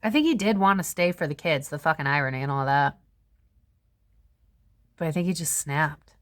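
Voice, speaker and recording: A woman's voice: deep voice, normal speed, no room sound, studio quality. Chatty, cursing young woman tarot reader. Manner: chatty, swears freely, animated. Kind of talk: casual tarot reading to camera.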